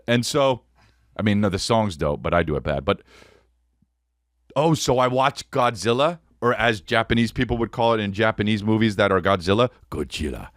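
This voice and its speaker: Male podcast host spinning comic bits, animated and profane, low voice, dead-dry studio. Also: normal speed, dry recording. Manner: animated, profane, peppered with "dude". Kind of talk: comedic storytelling.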